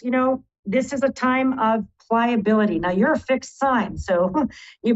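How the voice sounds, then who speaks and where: A psychic astrologer with a fairly high voice hosts a live radio horoscope forecast, heard through dull audio. She's chatty and affectionate, rattling off lists of keywords for each sign.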